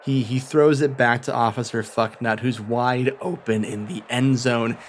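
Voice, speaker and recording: Animated man running a tabletop game. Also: medium pitch, a little slow, a little hiss or hum. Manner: animated, playful, swears freely. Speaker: game master.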